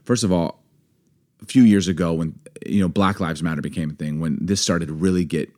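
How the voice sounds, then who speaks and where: Here a podcast co-host in his forties talks fairly quickly, his voice sitting low with a slightly mellow quality. Speaking candidly, he presses his argument with emphasis and passion that escalate into anger.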